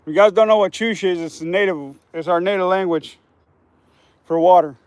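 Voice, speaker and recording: A man hosting a fishing livestream outdoors on a riverbank, chatting casually in a hoarse, scratchy voice and rambling as he repeats himself. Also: high voice, a little fast, darkish tone, no room sound. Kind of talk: casual live-stream chat.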